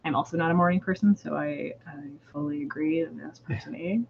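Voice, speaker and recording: A woman's voice: low voice, steady tone, fairly quick, creaky, darkish tone, a little hiss or hum. A young woman co-hosting a casual chat, giggling as she reads funny online posts aloud. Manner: giggly, chatty. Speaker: co-host. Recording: dull lo-fi sound.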